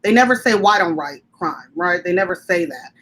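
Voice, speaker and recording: A woman guest activist on a video call, speaking in an articulate, reasoned and measured way. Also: lowish voice, lively intonation, fairly bright tone, husky. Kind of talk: discussion.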